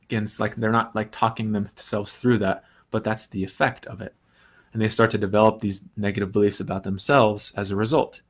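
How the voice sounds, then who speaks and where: A young adult man hosting a recovery talk, explaining ideas earnestly in a casual teaching way, often restarting and softly acting out quoted thoughts. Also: fairly low pitch, fairly even intonation, fairly quick. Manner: earnest, thinks aloud with restarts and soft quoted asides. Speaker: recovery podcast host.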